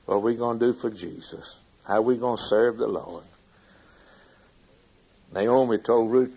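Male preacher, husky voice, fervent sermon, loud bursts and hushed drops. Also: medium pitch, unhurried, long pauses, low-quality recording. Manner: fervent, swings between loud emphasis and hushed lines.

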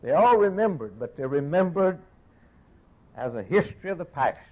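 A man preaching a sermon in a declamatory way, rising to loud questions and falling back to a hushed close. The recording is narrow and tinny, like it came down a phone line. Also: big pitch swings, normal speed. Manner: declamatory, swelling to raised rhetorical questions then dropping low.

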